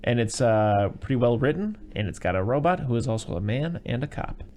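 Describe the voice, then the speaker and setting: A man's voice: medium pitch, expressive, a little fast, mellow, a little hiss or hum. A young man hosting a podcast, loosely retelling film scenes and repeating himself playfully. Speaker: podcast host. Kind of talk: casual movie review chat.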